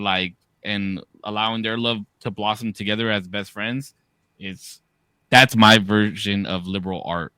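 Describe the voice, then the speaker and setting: A man in his thirties co-hosting a podcast, telling profane, animated stories and shouting the quoted lines. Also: on the low side, no room sound. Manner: animated, profane storytelling with loud quoted outbursts. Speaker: podcast co-host. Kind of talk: casual storytelling.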